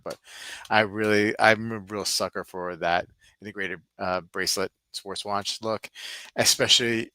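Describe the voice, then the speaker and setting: A man's voice: fairly low pitch, bright, forceful tone, smooth, no echo. A man hosting a casual live stream, rambling and thinking aloud as he browses.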